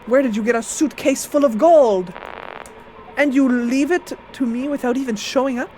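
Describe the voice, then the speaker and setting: A woman's voice: high-pitched, normal speed, darkish tone, slight background noise, lightly acted. A woman putting on a smug loan-shark villain. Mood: menacing. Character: scheming male loan shark, smug and menacing.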